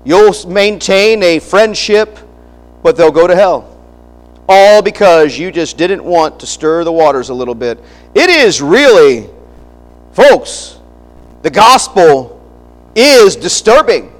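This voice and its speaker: A man's voice: sits high, lively intonation, slow, pauses often, big-room sound, poor audio. A middle-aged man preaching a sermon, emphatic and preacherly, often restarting phrases and breaking into asides.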